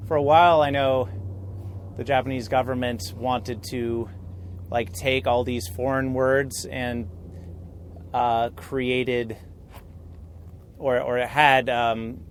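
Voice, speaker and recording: A man's voice: mid-range voice, flat delivery, slow, pauses often. Man, podcast co-host, hesitant, hedging, hiking chat, faint outdoor noise. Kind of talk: casual chat while hiking. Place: outdoor mountain trail.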